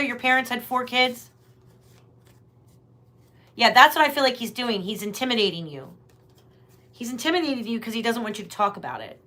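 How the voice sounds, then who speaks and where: A woman's voice: on the high side, lively intonation, normal speed, long pauses, bright, forceful tone. A woman hosting a live tarot reading stream, chatting casually and talking straight to her viewers. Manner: chatty, rambling, talks directly to viewers. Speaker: tarot reader, livestream host.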